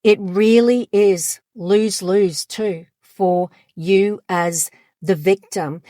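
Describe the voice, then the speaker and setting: A woman's voice: mid-range voice, fairly even intonation, slow, dark tone, dry recording, studio quality. A woman counsellor talking directly to her audience in an emphatic advice monologue, sometimes acting out quoted lines. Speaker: counsellor and channel host.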